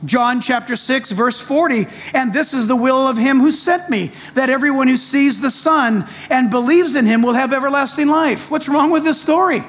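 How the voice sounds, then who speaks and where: A pastor preaching a sermon, animated, with joking asides and acted-out quotes. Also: male voice, very high voice, moderate pace, hardly any pauses. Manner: animated, jokey asides, acts out quoted voices.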